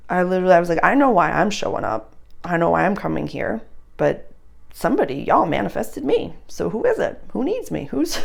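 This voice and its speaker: A woman talks casually through an astrology reading, addressing the listener directly. Her voice sits low and carries a gravelly fry. At times she sinks to an intimate whisper. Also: darkish tone. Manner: chatty, speaks straight to the listener, drops to a whisper at times. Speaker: astrology reader.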